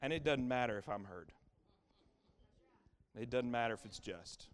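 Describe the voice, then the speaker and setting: A middle-aged pastor preaches with emphatic repetition, sinking to hushed lines before climbing to loud, exclaiming peaks. His medium-pitched voice is animated and moves at normal speed.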